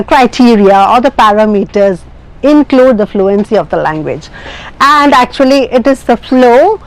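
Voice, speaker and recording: A woman's voice: fairly high pitch, poor audio. A woman with an Indian English accent, teaching an IELTS speaking lesson in an explanatory way, with many fillers and restarts. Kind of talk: classroom lecture.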